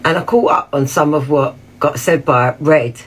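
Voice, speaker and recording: Woman, livestream guest, low pitch, husky, blunt colloquial talk. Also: normal speed. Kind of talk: casual argumentative chat.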